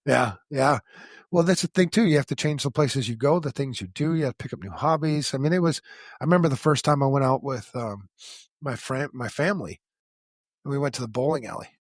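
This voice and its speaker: A man's voice: medium pitch, fairly quick, no room sound, clean studio sound. A middle-aged man co-hosting a podcast, telling a candid personal story in a blunt, profane, frank way. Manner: blunt and profane, frank about his struggles. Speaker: podcast co-host.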